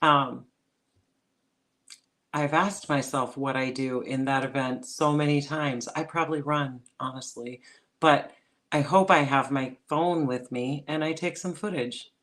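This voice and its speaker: A chatty woman from northern Minnesota co-hosts a relaxed podcast. She tells her stories with frequent laughter. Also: extremely low pitch, a little slow. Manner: chatty storyteller, laughs often. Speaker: podcast co-host. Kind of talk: casual podcast chat.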